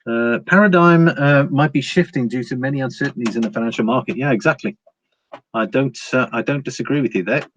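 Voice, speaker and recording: A man runs a casual live stream, reading out viewer comments and answering each one. His talk is halting, full of fillers and restarts. The audio is dull and lo-fi, with a faint hiss underneath. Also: medium pitch. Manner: reads viewer comments aloud and replies.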